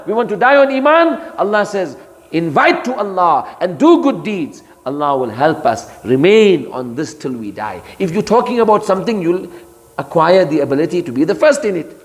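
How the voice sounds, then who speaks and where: Man, sermon, animated pitch swings, rhetorical challenges, long echoing hall. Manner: emphatic, rising to high pitched rhetorical challenges, chants Arabic verses. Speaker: Islamic scholar giving Quran commentary.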